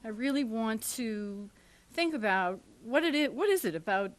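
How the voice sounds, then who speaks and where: A woman's voice: fairly high pitch, animated, moderate pace. A woman who produces a local show, giving a chatty, self-deprecating acceptance speech at a TV studio event. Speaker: award recipient and show producer.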